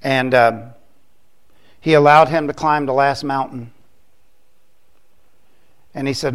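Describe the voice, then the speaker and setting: A middle-aged man preaching a sermon as pastor, slow and emphatic, repeating key phrases for weight. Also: mid-range voice, fairly even intonation, clean tone.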